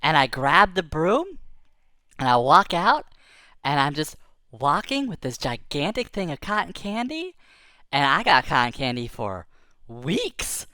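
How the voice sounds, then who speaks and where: A woman's voice: low voice, big pitch swings, measured pace, bright, forceful tone, no echo, studio quality. A woman telling a silly first-person tall tale for kids, playful and exaggerated, breaking into sing-song chants. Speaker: storyteller.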